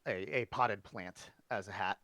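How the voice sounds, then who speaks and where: A man runs a tabletop game in a casual, rambling manner. His voice is mid-pitched, and the sound is dry and close to the mic. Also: measured pace, pushed and bright, no room sound. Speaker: game master.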